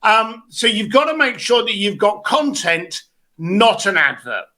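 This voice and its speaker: A man coaching on a video call, giving blunt, animated advice and acting out quotes. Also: high-pitched, measured pace. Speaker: business coach.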